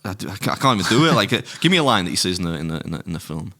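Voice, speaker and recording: A man's voice: deep voice, very animated, rapid-fire, pushed and bright. A man co-hosting a podcast, chatting casually and rambling as he corrects himself. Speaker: podcast co-host. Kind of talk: casual chat.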